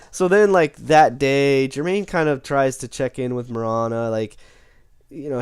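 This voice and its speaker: A man's voice: medium pitch, measured pace, smooth, no room sound, clean studio sound. A man recapping a tabletop game session in a rambling way, with lots of restarts and self-corrections.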